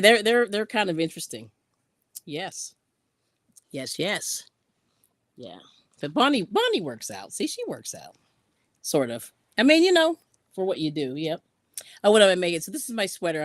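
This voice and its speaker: A woman's voice: low-pitched, no room sound, clean studio sound. A woman hosting a casual craft live stream, chatting and laughing often as she reads out viewer comments while sewing in yarn ends.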